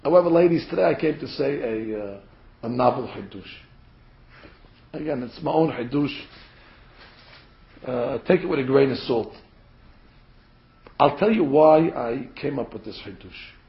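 A man's voice: mid-range voice, lively intonation, unhurried, long pauses. A man giving a Torah class to a group of women, earnest and emphatic, asking rhetorical questions and pressing hard on key points. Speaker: Torah teacher. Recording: echoey room, dull lo-fi sound.

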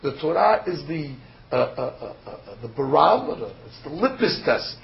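With a fairly high, creaky, sing-song voice at normal speed, a rabbi preaches a sermon that mixes in a story. He is emphatic, asks rhetorical question after rhetorical question, and occasionally fumbles with fillers. Slight background noise and faint ambience come through the dull lo-fi recording.

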